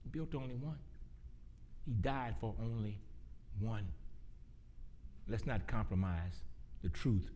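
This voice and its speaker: A man preaching a sermon. He swings from loud, slow, stretched-out emphasis to hushed low passages, with quick joking asides to the congregation. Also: animated, slight background noise.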